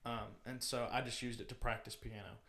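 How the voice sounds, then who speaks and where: A man's voice: mid-range voice, brisk. A young man co-hosting a podcast, telling a story in casual chat and acting out the quotes. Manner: animated, acts out quotes in different voices. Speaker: podcast co-host.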